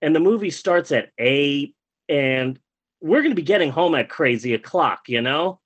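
A man's voice: a little high, lively intonation, moderate pace, highs cut off. A man in his thirties, a podcast host, ranting in casual chat with lots of swearing and exasperation.

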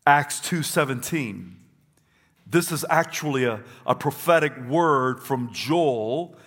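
A man's voice: medium pitch, animated, slow pace, a bit bright. A man preaching a sermon to a congregation, emphatic and repetitive, leading them to say phrases back. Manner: emphatic, repeats phrases for the crowd. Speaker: pastor. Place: church.

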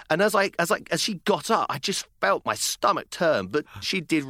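Animated British dad podcast host. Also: male voice, high voice, moderate pace, dry recording. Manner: animated, expressive. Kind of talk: casual chat and storytelling.

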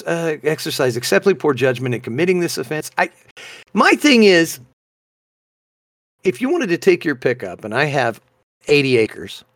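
A man's voice: mid-range voice, no echo, clean studio sound. A man co-hosting a casual podcast, reading out odd news stories and reacting with lots of laughter. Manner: animated, laughs often, reads news stories aloud. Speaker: podcast co-host.

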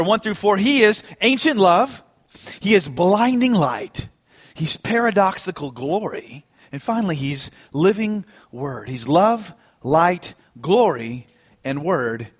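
A man with a high, light voice preaches a sermon to his congregation. He tells a story with animated energy, pushing hard on his key phrases. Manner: animated storytelling, rising to emphatic peaks. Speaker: pastor.

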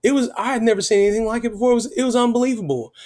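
A middle-aged worship musician telling a personal story in an interview, earnest and emotional, his voice going soft when he speaks of faith. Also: very high voice, fairly even intonation, very fast.

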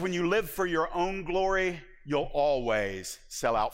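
Impassioned high-voiced male preacher. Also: lively intonation, measured pace, few pauses, smooth. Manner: impassioned, rises to emphatic peaks and drops to hushed low passages. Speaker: pastor. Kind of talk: sermon. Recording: long hall reverb.

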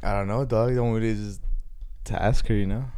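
Young man, casual chat, slangy, laid-back, gravelly, dark, dry sound. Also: lowish voice, steady tone, fairly quick, dry recording.

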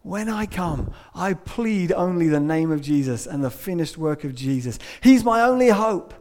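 A man delivering a church sermon, his voice sitting a little high for a man. He tells a story, sometimes dropping to a hush and sometimes pressing a point with emphasis. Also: lively intonation, moderate pace. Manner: storytelling, shifting between hushed and emphatic. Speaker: preacher.

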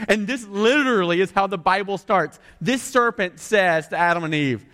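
A male pastor with a Southern American accent, preaching a sermon in a lively, conversational way with joking asides to the crowd. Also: high voice, fast talker, hardly any pauses. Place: large room with a couple hundred people. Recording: long hall reverb.

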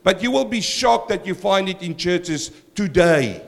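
Male pastor, high voice, emphatic sermon, speaks straight to the congregation. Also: expressive, unhurried, creaky. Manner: emphatic, direct, addresses the congregation. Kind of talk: verse-by-verse sermon.

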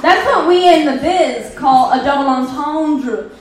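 Woman comic, high voice, sarcastic and foul-mouthed; live set in a booming, reverberant club room. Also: measured pace, heavy background noise. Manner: sarcastic, profane, laughing asides. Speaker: comedian presenting slides. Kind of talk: live stand-up movie recap. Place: live comedy venue.

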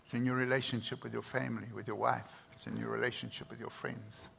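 A man's voice: medium pitch, little pitch movement, fast, vocal fry. A man, preaching a sermon with earnest emphasis and repeated words. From South Africa. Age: 60s. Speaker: pastor. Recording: reverberant hall, faint noise.

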